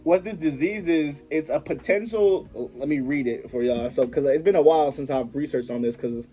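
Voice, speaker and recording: A man's voice: a little high, normal speed, dark tone, faint music behind. A young man vlogger telling a personal story in a rambling, profane, slangy way, often stopping and restarting his sentences. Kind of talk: casual storytelling to camera.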